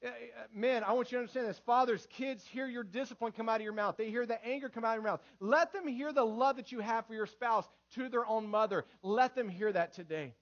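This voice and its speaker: A man in his thirties preaching a sermon in church, lively and full of acted quotes. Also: very high-pitched, a little fast, few pauses, dull audio. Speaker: pastor.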